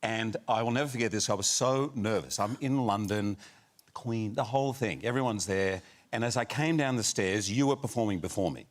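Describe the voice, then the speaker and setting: A man, a talk show guest telling an animated backstage anecdote. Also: lowish voice, a little fast. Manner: animated storyteller. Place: TV studio with audience. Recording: studio audience noise.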